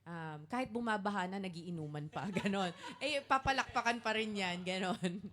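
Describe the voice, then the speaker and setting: Filipino woman guest, cheerful and chatty, middle pitch, Filipino English, live interview. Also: brisk, a bit bright. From Philippines. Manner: cheerful, chatty, laughs often. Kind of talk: live interview chat, mixing Tagalog and English.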